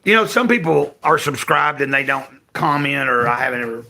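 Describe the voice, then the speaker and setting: A man's voice: mid-range voice, expressive, fairly quick, creaky, pushed and bright. An older man from Tennessee with a Southern accent, chatting casually and rambling with his live-stream viewers from home. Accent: Southern American. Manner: rambling, self-correcting, folksy. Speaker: livestream host.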